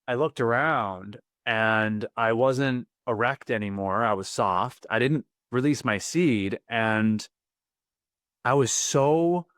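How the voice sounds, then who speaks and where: Low-voiced man telling a story, dry sound. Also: takes it slowly, hardly any pauses, dry recording. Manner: earnest, vivid and excitable, with many repeated words. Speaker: podcast guest. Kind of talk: personal storytelling in a podcast interview.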